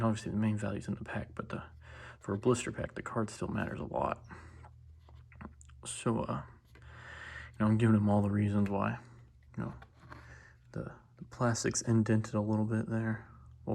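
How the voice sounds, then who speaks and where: Collector vlogger, male, low and husky, laid-back storyteller. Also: darkish tone. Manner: rambling, laid-back, self-correcting. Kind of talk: casual storytelling.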